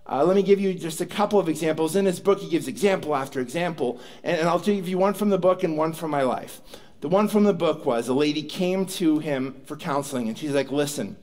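Storytelling male pastor, fairly high voice. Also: brisk, a little mellow. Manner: storytelling, acts out quoted prayers and dialogue. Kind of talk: sermon. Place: church sanctuary.

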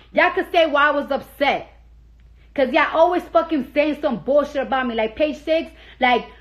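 On a social media live stream, a young celebrity rants angrily into her phone, swearing nonstop and repeating herself for emphasis. Her voice is high and a bit bright, and the audio sounds dull.

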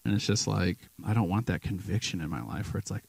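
Gravelly man telling church stories. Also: deep voice, fast talker, few pauses, darkish tone, dry recording, rough recording. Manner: storytelling, acts out quoted people. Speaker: guest speaker at church. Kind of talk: casual testimony sermon. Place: church sanctuary.

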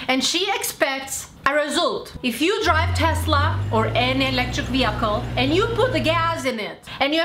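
A woman vlogging a heated, blunt rant about skincare, repeating herself and swearing, yelling at times. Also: high-pitched, reverberant. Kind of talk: angry ranting vlog.

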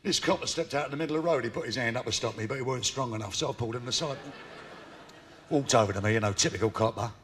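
A man's voice: medium pitch, rapid-fire, fairly bright tone, a little hiss or hum. A middle-aged man doing a stand-up comedy routine on stage with brash, cheeky, laddish patter. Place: live charity concert stage.

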